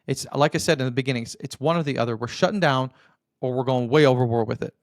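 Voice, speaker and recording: Speaking quickly at a medium pitch, a male podcast host delivers earnest marriage coaching, often checking in with the listener, whom he calls brother. It's a motivational talk captured with a dry, studio-quality sound.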